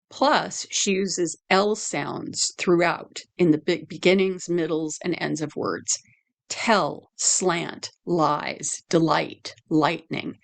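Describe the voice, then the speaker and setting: A woman teacher giving a lecture analyzing a poem, deliberate, with fillers and self-corrections. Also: lowish voice, gravelly.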